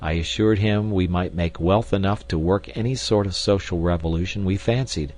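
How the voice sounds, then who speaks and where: A man narrating a classic novel in the first person, measured and dramatic. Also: deep voice, a little mellow. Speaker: audiobook narrator.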